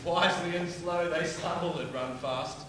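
A man's voice: a little high, moderate pace, natural voice. A young man acting a chiding older friar in a stage play, exclaiming and scolding in verse. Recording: echoey hall, far, noisy old tape.

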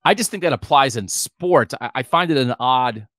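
A man's voice: medium pitch, animated, moderate pace, fairly bright tone, no room sound, clean studio sound. A man co-hosting a sports podcast, chatting animatedly and thinking aloud. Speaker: podcast co-host. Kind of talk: casual sports talk podcast.

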